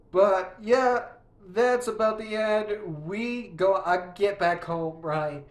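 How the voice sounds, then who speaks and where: A man's voice: sits high, takes it slowly, roomy sound. A young man telling a story in a rambling, profane, casual way, often restarting his sentences while he plays a game. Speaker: vlogger.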